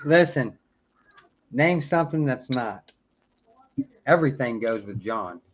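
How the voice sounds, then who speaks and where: A woman's voice: very deep voice, expressive, a little slow, muffled recording. A woman joins a casual livestream chat, speaking in a playful, teasing way. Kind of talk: casual live-stream chat.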